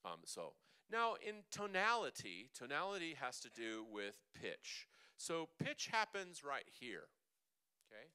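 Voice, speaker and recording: Guy vocal coach teaching a class, chatty, super bright crisp voice. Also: on the high side, measured pace. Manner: lively and chatty, demonstrates sounds. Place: church hall.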